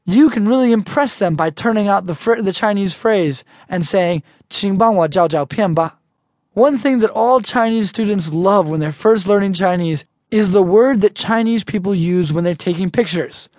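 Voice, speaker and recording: An American man teaching an audio language lesson, chatty and relaxed, slowing down carefully to model each phrase. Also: sits high, no room sound, clean studio sound. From United States.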